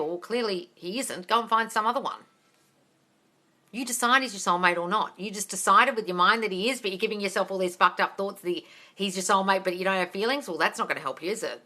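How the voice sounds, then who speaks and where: A woman's voice: medium pitch, fast, pushed and bright. A woman coaching viewers on a live stream, reading out their comments and answering bluntly, swearing casually and calling them darling.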